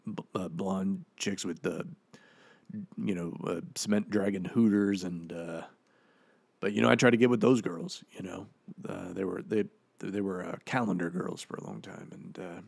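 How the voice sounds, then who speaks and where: A man's voice: deep voice, fairly even intonation, moderate pace, creaky, darkish tone, dry recording. A man playing the rambling, profane ghost of a washed-up male actor in a comedic audio commentary, full of fillers. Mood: rambling, boastful.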